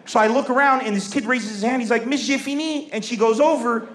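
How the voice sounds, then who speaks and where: A man performing stand-up comedy storytelling, animated, bursting into loud shouts as he acts out characters. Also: very high voice, quick pace, a little hiss or hum. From Lebanon. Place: large venue with a live audience. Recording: echoey hall with crowd laughter.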